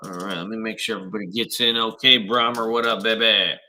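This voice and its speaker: A man's voice: lowish voice, steady tone, quick pace, pushed and bright, rough recording. A man hosting a live trading stream, greeting viewers with upbeat slang and walking through charts in casual commentary.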